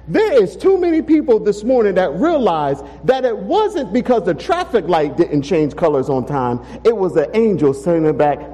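A man's voice: high voice, sing-song, moderate pace, mellow, long reverb tail, low-quality recording. A man preaching a sermon as pastor, emphatic and full of rhetorical questions, in a church sanctuary. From Texas.

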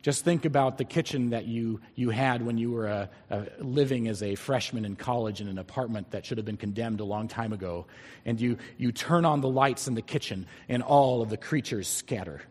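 A male pastor delivers a sermon in a measured, deliberate way, drawing out important words. His voice has a husky, slightly rough texture. It sounds like a church sanctuary, with a long reverb trailing every phrase. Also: medium pitch, darkish tone. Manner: deliberate, stretching key words for emphasis.

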